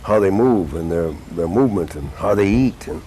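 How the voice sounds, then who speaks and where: Older male actor guest, lowish pitch, chatty storyteller, local studio interview. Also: normal speed, a little hiss or hum, poor audio. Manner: animated storyteller, rambling with restarts.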